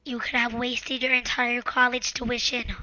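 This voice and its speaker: Earnest host, female, high bright voice, pleading and repetitive, with faint music underneath. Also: monotone, unhurried, no echo. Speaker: channel host. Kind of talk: casual advice monologue.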